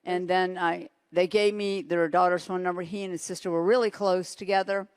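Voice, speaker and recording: A woman preaching a sermon, telling stories in an animated way and laughing now and then. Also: lowish voice, fairly quick, clear, resonant tone, dry recording. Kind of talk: sermon with storytelling.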